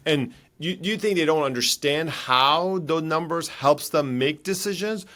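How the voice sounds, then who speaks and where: A man's voice: fairly high pitch, a little slow, a bit bright. Enthusiastic man hosting an interview. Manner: upbeat, enthusiastic, chatty. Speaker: podcast host.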